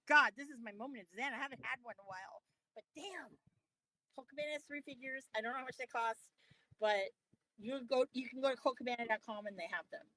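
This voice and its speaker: A woman co-hosting a wrestling podcast, talking casually in an animated, profane rant. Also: high-pitched, dry recording, poor audio. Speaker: podcast co-host. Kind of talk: casual chat.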